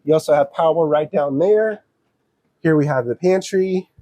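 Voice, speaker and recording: A man from an RV dealership walking viewers through a trailer, explaining each control in a steady, practical, step-by-step way. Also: on the high side, moderate pace, no room sound. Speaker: RV dealership salesperson giving a walkthrough. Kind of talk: casual walkthrough demonstration. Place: outdoors around an RV, then inside it.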